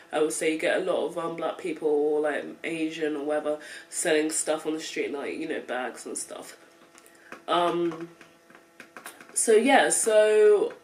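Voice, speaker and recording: A young woman with an English accent talks casually to her camera while she eats, with a lower voice for a woman. She rambles with lots of fillers and breaks into laughter. The voice sits a little back from the camera mic. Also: recorded from a distance, rough recording. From England. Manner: chatty, filler-heavy, laughs often. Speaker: vlogger. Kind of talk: casual chat while eating.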